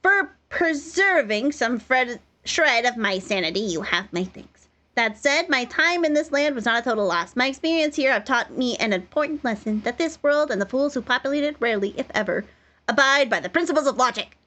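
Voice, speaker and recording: A woman voicing a haughty, fussy gentleman detective in a game, speaking in a pompous, formal way. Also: sits high, expressive, brisk.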